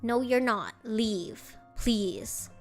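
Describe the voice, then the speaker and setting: A woman voicing a wounded young male demon who turns sharp and indignant, in a fan-made dating game. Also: fairly high pitch, drawn-out words, faint music behind. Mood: angry. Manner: pleading, then sharp and indignant.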